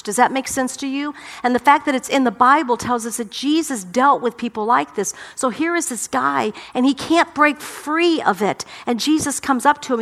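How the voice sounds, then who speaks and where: Woman pastor, middle-aged, sermon, higher voice, emphatic, impassioned. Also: fairly bright tone. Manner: impassioned, emphatic preaching with repeated phrases.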